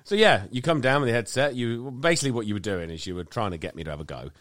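A man's voice: mid-range voice, lively intonation, fast, a bit bright. A man, co-hosting a podcast and telling crude, boisterous stories in casual banter. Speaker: podcast co-host.

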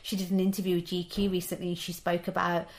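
A woman's voice: on the low side, flat delivery, fast talker. A woman from England interviewing a guest in a chatty, casual way, often saying "like.". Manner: chatty, frequent "like" fillers.

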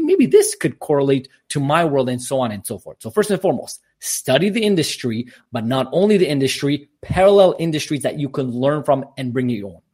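A man's voice: on the high side, a little mellow, breathy edge. A man who works as a professional speaker and coach, answering questions as a podcast guest in an emphatic, motivational way. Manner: emphatic, motivational, talks in long runs.

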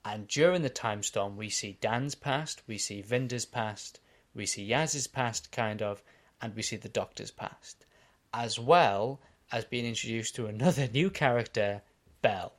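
An Australian man co-hosting a casual podcast, recapping episodes in a quick, animated way. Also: medium pitch. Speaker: podcast co-host.

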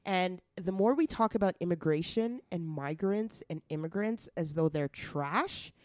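A woman's voice: fairly low pitch, a little slow, darkish tone, no echo, studio quality. Blunt, outspoken Canadian woman co-host. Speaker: podcast co-host. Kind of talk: casual chat.

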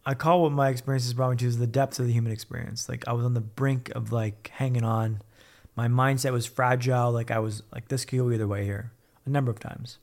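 A man's voice: medium pitch, fairly even intonation, fairly quick, gravelly, few pauses, a little mellow. A man telling his own story as a podcast guest, blunt and upbeat, swearing freely. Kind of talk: casual candid storytelling.

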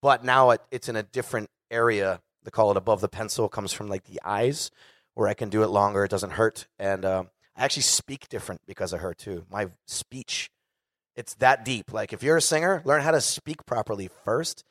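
Low-voiced man telling a candid story. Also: brisk, no echo, studio quality. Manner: profane, candid, animated storyteller. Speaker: guest singer. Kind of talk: casual storytelling before a live audience.

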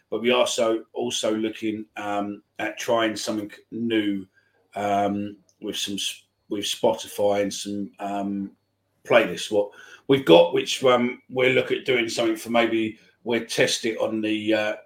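A man's voice: on the low side, steady tone, moderate pace. A man hosting a live football podcast, chatting casually and rambling through announcements. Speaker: podcast host.

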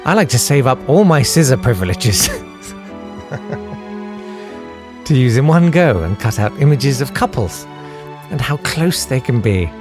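A man playing a creepy older radio presenter, soft, lingering and falsely sweet. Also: medium pitch, very animated, a little slow, pauses often, over music. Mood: sugary.

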